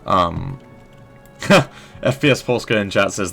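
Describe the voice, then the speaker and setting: A man's voice: deep voice, moderate pace, creaky, long pauses, pushed and bright, soft background music. A young man casually commenting on his gameplay, chatting with viewers and joking at his own expense. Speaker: livestreamer and writer.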